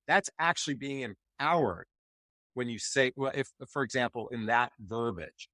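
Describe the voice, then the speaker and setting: A man from the United States speaks as a podcast guest, animated and eager, acting out the replies he recommends. His voice sits at a middle pitch and is recorded dry, with no room sound. He talks like a coach giving advice. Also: moderate pace, no echo. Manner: animated, enthusiastic, acts out example replies. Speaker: dating and relationship coach, guest. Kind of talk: podcast interview.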